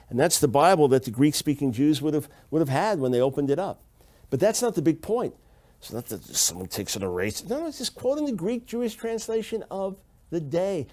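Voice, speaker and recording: A man's voice: medium pitch, darkish tone. A man giving a Bible teaching lecture, reading Hebrew passages aloud and driving his points home by repeating them emphatically. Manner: emphatic, repeats key phrases.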